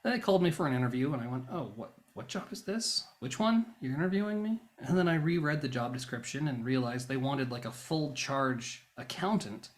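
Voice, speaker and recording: Ranting, self-mocking man on a vlog. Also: medium pitch. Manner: flares into loud bursts. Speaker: YouTuber. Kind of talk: rambling casual monologue.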